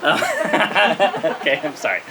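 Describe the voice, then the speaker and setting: Lively American man telling a story. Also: high-pitched, takes it slowly, over a noisy crowd. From United States. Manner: lively storyteller, checks in with frequent "okay?" and laughs at his own story. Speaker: spiritual teacher. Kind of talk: storytelling talk to a spiritual audience. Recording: steady rain-like background noise.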